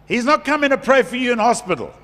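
A middle-aged man preaching a conference sermon as a pastor, chatty and lively, laughing between points. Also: extremely high pitch, fast. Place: large conference hall. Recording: long hall reverb.

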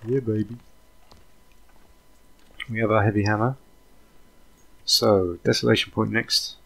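A man giving casual, thinking-aloud commentary while playing a video game, drifting into relaxed, rambling asides. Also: fairly low pitch, measured pace, creaky. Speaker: let's play host.

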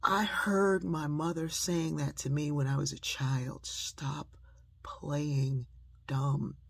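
An older woman telling a family story that turns into a life lesson. She speaks in a sermon-like way and often drops into soft whispers for emphasis. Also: deep voice, a little slow, creaky, husky. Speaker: speaker sharing a personal lesson.

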